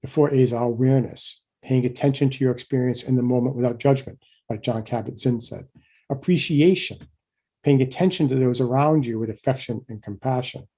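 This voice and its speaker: A middle-aged man giving a keynote lecture in a conversational way, often checking in with listeners and getting animated when he acts out examples. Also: mid-range voice, brisk. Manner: conversational, frequent restarts and "right?" asides.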